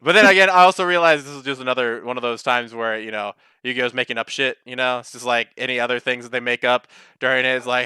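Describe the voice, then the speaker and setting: Animated young man, bright dry voice. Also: mid-range voice, fast, clean tone, no echo. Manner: animated, swears, does excited mock voices. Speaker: podcast co-host. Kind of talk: casual chat.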